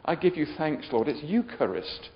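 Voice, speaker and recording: Male preacher, high voice, storytelling building to shouted appeals, lo-fi recording. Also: very animated, moderate pace. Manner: builds from quiet storytelling to loud shouted exhortation. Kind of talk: sermon.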